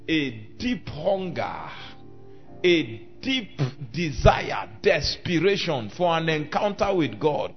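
A man preaching a sermon, repeating phrases for emphasis and asking the congregation questions. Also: a little high. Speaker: pastor. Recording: dull lo-fi recording with faint music.

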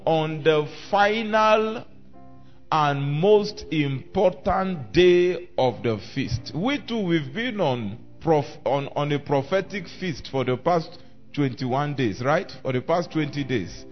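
A man preaching a sermon, repeating phrases for emphasis and asking the congregation questions. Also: medium pitch. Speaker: pastor. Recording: dull lo-fi recording with faint music.

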